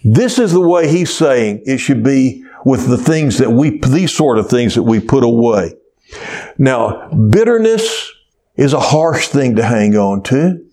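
A man preaching a sermon as pastor, telling stories in a slow, deliberate way and stretching out key words. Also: medium pitch, animated, mellow.

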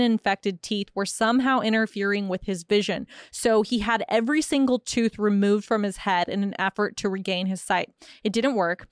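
A woman's voice: mid-range voice, smooth, no room sound. A woman co-hosting a casual podcast, telling eerie history with dry asides. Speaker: podcast co-host. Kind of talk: casual storytelling chat.

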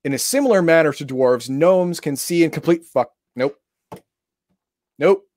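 A man's voice: a little high, measured pace, darkish tone, dry recording, studio quality. A man reading tabletop game rules aloud in casual chat, breaking into exasperated, profane rants.

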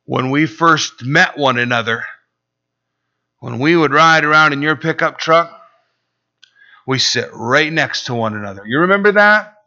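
Guy doing an old farm wife voice, wistful, kinda bright, muffled recording. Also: fairly high pitch, animated, measured pace, long pauses, exaggerated voice. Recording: dull lo-fi recording.

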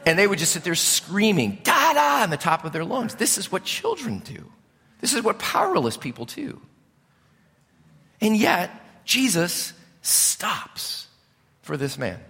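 A middle-aged male pastor preaching a sermon in an animated, conversational way, asking his congregation questions. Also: high voice, measured pace, pauses often, husky. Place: church sanctuary. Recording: long hall reverb.

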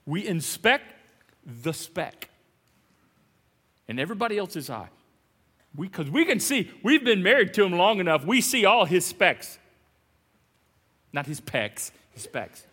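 A man preaching a sermon as pastor, animated and playful, swinging between loud emphasis and hushed lines. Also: high voice, unhurried, pauses often, slightly rough, big-room sound. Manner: playful, jokey asides.

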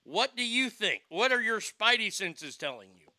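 A man's voice: high-pitched, sing-song, normal speed, sharp tone, no room sound. A man hosting a casual podcast chat, brash, joking and profane. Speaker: host.

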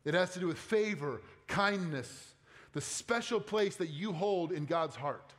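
A male pastor preaching in a church, his voice a bit higher than most men's. He talks earnestly and conversationally, sinking soft and low when he reads scripture. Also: animated, a little slow. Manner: conversational asides with playful quoted voices. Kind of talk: sermon.

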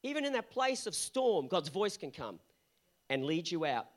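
A man's voice: high voice, sing-song, normal speed. A male pastor delivering an earnest sermon that builds to emphatic peaks.

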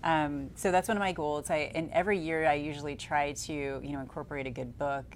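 Deep-voiced woman cohost, earnest and rambly, faint rumble behind. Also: steady tone, fairly quick. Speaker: co-host. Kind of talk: casual chat.

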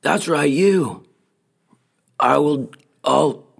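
A man voicing a hungover, belligerent teenage guy who yells threats in a raised, higher voice. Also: fairly even intonation, a little slow, vocal fry. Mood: angry threatening. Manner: yelling high threats.

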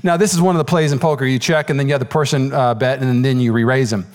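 A male pastor preaching a sermon, telling stories in an animated way and acting out the voices of the people in them. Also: fast talker. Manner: animated storytelling, acts out voices in high pitch.

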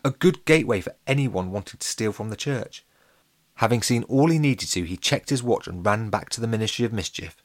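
Low-voiced male storyteller. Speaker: narrator. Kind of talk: children's audiobook narration.

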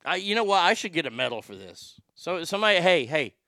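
Animated, bright-voiced man ranting. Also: fairly high pitch, quick pace, no room sound, studio quality. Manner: animated storytelling, stammering restarts, profane. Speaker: show host. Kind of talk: casual ranting monologue.

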